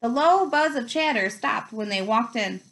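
A woman's voice: fairly high pitch, lively intonation, moderate pace, fairly bright tone, rough recording. A woman reading a children's novel aloud, telling the story expressively. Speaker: reader.

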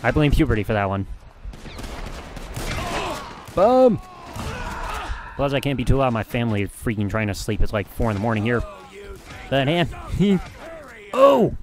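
A man from Michigan giving excitable, mildly profane commentary while live streaming a video game. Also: medium pitch, moderate pace, long pauses. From Michigan, USA. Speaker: gaming streamer. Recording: game noise underneath. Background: game sounds.

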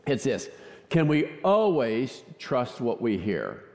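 A man preaching a conversational, joking sermon in a church, chatty and quick to laugh. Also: medium pitch, sing-song, a little mellow. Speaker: pastor. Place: church sanctuary. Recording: echoey church hall.

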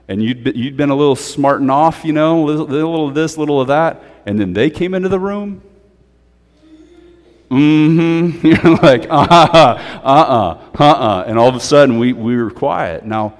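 A male pastor preaching a sermon in a conversational, animated way, with playful asides. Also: medium pitch, long reverb tail. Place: church sanctuary.

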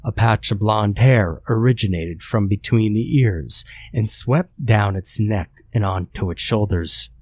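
A man narrating a scary story in a steady, measured way. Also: fairly low pitch.

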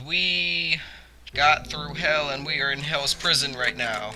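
A man's voice: on the high side, fairly even intonation, takes it slowly, pushed and bright, a little hiss or hum. A young man hosting a let's play, talking through the game and yelping and repeating himself when something startles him. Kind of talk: gameplay commentary.

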